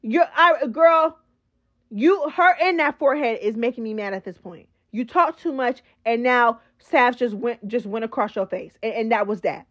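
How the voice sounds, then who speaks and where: High-voiced chatty woman recapping reality TV. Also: moderate pace, dull audio. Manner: chatty, slangy, animated, addresses viewers as girl. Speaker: reality show recap host. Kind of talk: casual recap commentary.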